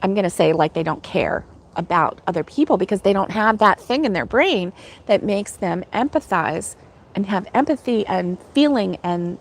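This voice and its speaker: A middle-aged American woman with a bright, chatty and giggly manner, hosting a casual livestream and talking back to viewer comments. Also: mid-range voice, expressive, normal speed. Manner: chatty and giggly, laughs often. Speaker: host of a crochet livestream.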